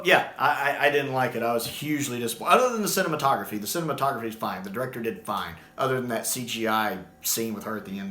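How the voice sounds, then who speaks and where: A man ranting through a casual video review in an animated, exasperated way. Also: on the low side, echoey room, slight background noise.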